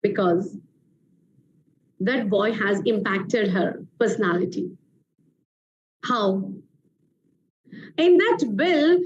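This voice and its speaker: A woman's voice: mid-range voice, lively intonation, extremely slow, pauses often, slight background noise. A woman hosting a show, telling a motivational story with emphatic repeated phrases, in a muffled lo-fi recording. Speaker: TV show host.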